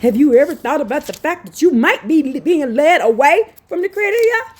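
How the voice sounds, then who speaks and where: High-voiced woman preaching fervently. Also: lively intonation, fairly quick. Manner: fervent, scolding, cries out and repeats phrases. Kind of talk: impassioned street-style sermon with scripture reading.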